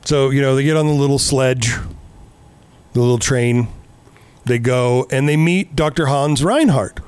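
A man's voice: fairly high pitch, measured pace, clear, resonant tone, dry recording. A man in casual chat recapping a movie in a rambling, sarcastic way, swearing often. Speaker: podcast co-host.

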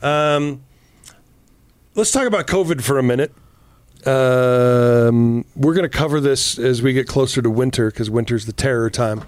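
A man's voice: medium pitch, moderate pace, a little mellow, dry recording. A man co-hosting a casual political talk show, reading news items aloud and adding sarcastic asides. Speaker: podcast co-host.

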